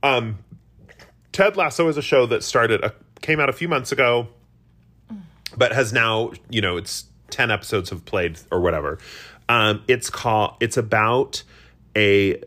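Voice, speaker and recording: A man's voice: medium pitch, measured pace, sharp tone. A man co-hosting a podcast, chatty and self-deprecating in casual conversation. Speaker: podcast co-host. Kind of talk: casual chat.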